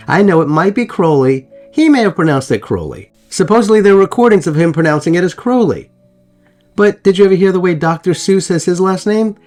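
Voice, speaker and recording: A man's voice: fairly high pitch, a little mellow. A man hosting a history channel, narrating over photos in a chatty way with joking asides to the viewers.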